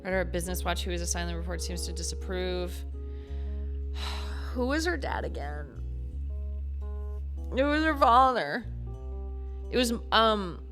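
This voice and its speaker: A woman streaming a game, reading the game's text aloud in casual chat, excitable and swearing freely as she talks to her viewers. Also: fairly low pitch, unhurried, pauses often, music in the background. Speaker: gaming streamer.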